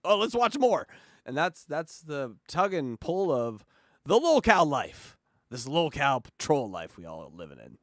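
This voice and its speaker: Lively, laughing male podcast co-host. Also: mid-range voice, unhurried, no echo, clean studio sound. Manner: laughs often, animated, puts on quoted voices. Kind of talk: casual comedic chat.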